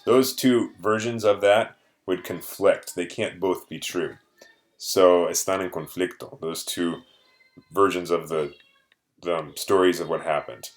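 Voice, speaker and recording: Male teacher, low voice, patient explainer with restarts and Spanish glosses. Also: measured pace. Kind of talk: vocabulary lesson.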